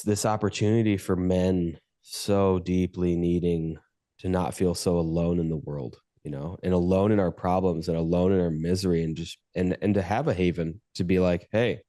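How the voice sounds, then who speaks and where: A man's voice: low-pitched, dark tone, no echo, studio quality. A man hosting a podcast as a coach, speaking in a heartfelt, reflective way. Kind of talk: casual conversation.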